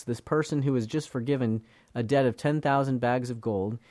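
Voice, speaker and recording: A male Bible teacher talks through scripture in an earnest, conversational way, stumbling over and repeating words as he goes. His voice sits a little high for a man. The recording is close and dry, with no room sound. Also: dry recording. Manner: earnest, repeats words, acts out quoted speakers.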